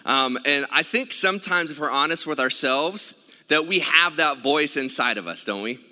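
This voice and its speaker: Male pastor, sermon, chatty storytelling with fillers, very bright tone, slightly high voice, church hall reverb. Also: lively intonation, normal speed. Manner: conversational storytelling, many filler sounds. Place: church sanctuary.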